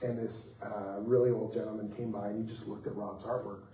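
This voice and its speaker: Animated man telling panel stories, roomy. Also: on the low side, brisk, distant mic, a little hiss or hum. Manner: animated, acts out quoted voices, laughs mid-story. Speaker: comics writer on a festival panel. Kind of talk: anecdotal storytelling on a panel. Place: festival panel room. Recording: roomy echo, voice off-mic.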